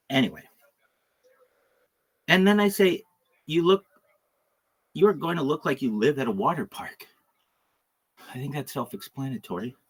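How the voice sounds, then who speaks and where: A man's voice: mid-range voice, bright, forceful tone, husky. A man talking on a livestream in a rambling, joking, crude monologue full of asides.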